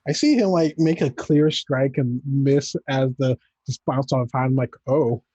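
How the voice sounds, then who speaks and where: Mellow young man on a dull mic. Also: medium pitch, normal speed, no room sound. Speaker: player. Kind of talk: casual gaming chat.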